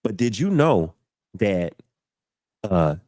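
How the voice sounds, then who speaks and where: A young man hosting a podcast, telling an animated story and acting out the voices in it. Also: on the low side, slow, dry recording, clean studio sound. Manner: acts out voices in his stories, preachy exclamations. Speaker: podcast host.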